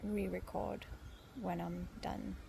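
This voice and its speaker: A young woman in a sunny park, talking softly and gushing about nature to a hand-held phone camera. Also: fairly low pitch, level tone, slow pace, gravelly. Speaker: vlogger. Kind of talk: casual vlog to camera. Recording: faint outdoor noise. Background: birds and outdoor ambience.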